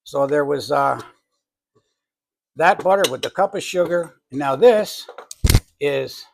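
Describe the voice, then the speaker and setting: Slow and fairly high-pitched with vocal fry, this home baking channel host is a middle-aged man from New England with the accent to match. He casually demonstrates a cake recipe in his kitchen, rambling, correcting himself and tossing in chatty asides, while background noise runs underneath.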